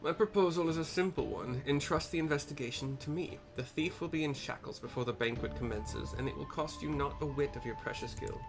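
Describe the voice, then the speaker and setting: A man's voice: a little high, brisk, hardly any pauses, over music, voice pushed up, natural voice. Brief: man as a condescending, dry-witted inspector, game cutscene. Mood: smug. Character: smug, sharp-witted male inspector. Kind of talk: game cutscene voice acting by a narrator.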